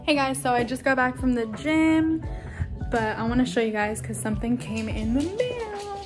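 A young woman vlogging to her camera in an excitable, chatty way, full of "like". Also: fairly high pitch, moderate pace. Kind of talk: casual vlog chat. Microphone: handheld camera. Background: background music.

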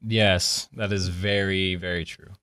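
A young man hosting a casual college podcast, relaxed and rambling with lots of fillers. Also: deep voice, unhurried, no echo, studio quality. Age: young adult. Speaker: podcast host. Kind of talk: casual chat. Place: college campus.

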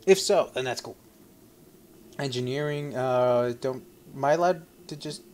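A man's voice: fairly high pitch, moderate pace, soft background music. A young man talking to himself while playing a game, rambling, giggling and swearing. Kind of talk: let's play commentary.

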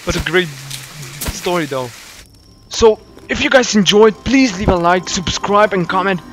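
A man's voice: sits high, animated, measured pace, a bit bright, faint music behind, rough recording. A young man with a Slovenian accent, giving jumpy, panicky commentary while playing a horror game, swearing and repeating himself. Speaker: gaming YouTuber. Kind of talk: scared horror gameplay commentary.

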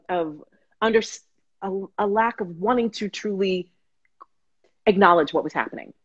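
A woman guest telling her story in casual, animated chat, with frequent restarts, over a video call. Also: mid-range voice, moderate pace, pauses often, husky, lo-fi sound. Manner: animated, restarts, acts out quotes.

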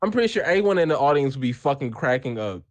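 A young man co-hosting a podcast, chatting casually with friends and quick to laugh. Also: medium pitch. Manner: lively, quick to laugh, defensive banter. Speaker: podcast co-host. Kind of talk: casual chat.

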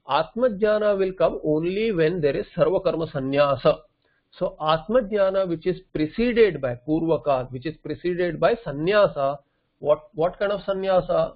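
A man with a high voice gives a scripture lecture, putting questions to himself and answering them. The recording is dull and lo-fi. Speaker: Vedanta teacher.

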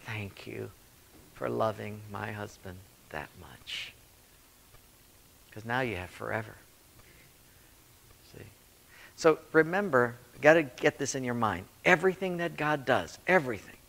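A male pastor teaching a church leadership class, telling stories and acting out quoted voices with sudden rises in pitch and loudness. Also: gravelly. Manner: storytelling, acts out quotes with big swings in pitch and volume. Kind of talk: sermon-style Q&A teaching.

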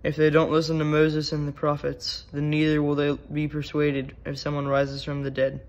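A man reading scripture aloud, voicing the patriarch Abraham in a measured, firm tone. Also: on the high side, monotone, lightly acted. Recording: dull lo-fi recording.

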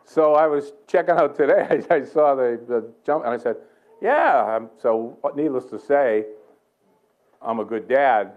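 An older man with a Boston accent, preaching a sermon in a church in a joking, conversational way with quick asides. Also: mid-range voice, phone-quality sound. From Boston area. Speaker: guest preacher. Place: church sanctuary.

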